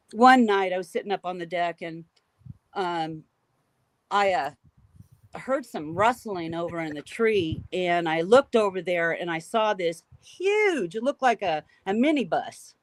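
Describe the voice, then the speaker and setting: Woman guest telling her story super animated and emphatic, dry close sound, video call. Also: lowish voice, measured pace, no room sound. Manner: animated, emphatic, repeats key phrases. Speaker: guest recounting encounters. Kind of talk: emotional storytelling.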